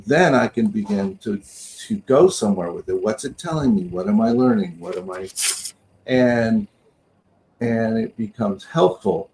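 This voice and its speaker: Guy minister co-host thinking out loud, bit of faint noise behind. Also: on the low side, big pitch swings, measured pace. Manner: reflective, searching for words. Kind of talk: casual spiritual talk.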